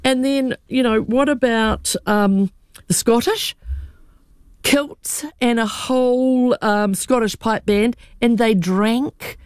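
A woman's voice: a little high, slow, clear, resonant tone, no room sound, studio quality. A woman, a radio panelist chatting animatedly and laughing as she tells stories.

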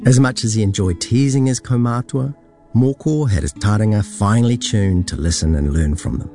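A man narrates a podcast in a calm, measured way. His voice is low and warm with a dark tone. A soft plucked guitar plays behind him. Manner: calm, measured, explains terms. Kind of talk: scripted narration.

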